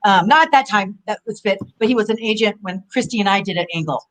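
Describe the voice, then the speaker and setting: Woman in her forties, interview guest, rambling animated storyteller, mid-pitched voice, lots of fillers. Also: fast talker, low-quality recording. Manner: rambling, animated, heavy use of "you know". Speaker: guest, former pro wrestler.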